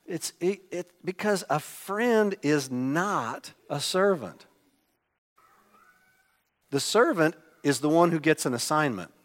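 A man preaching a sermon, emphatic, swinging between loud exclamations and hushed asides. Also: fairly high pitch, expressive, slow pace. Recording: long hall reverb.

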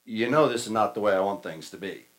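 A weary heavenly father talking things over in a low, quiet voice, as a man acts him out in a sermon. His manner is patient and conversational, not grand. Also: fast, close to an everyday voice.

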